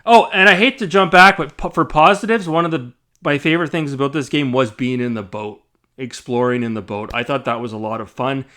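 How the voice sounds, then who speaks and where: A man's voice: mid-range voice, fairly quick, pushed and bright. A man giving an opinionated, blunt spoken game review, with many fillers and restarts. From Canada.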